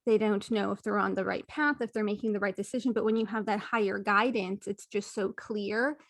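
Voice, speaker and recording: A woman's voice: mid-range voice, fairly even intonation, brisk, no echo. A woman hosting an interview podcast, affirming her guest and reflecting aloud as she works through her thoughts. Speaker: podcast host. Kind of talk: casual interview conversation.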